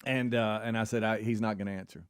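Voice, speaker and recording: Man, co-host, rapid joking anecdote, dry close sound. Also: fairly low pitch, steady tone, smooth, no echo. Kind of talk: casual chat.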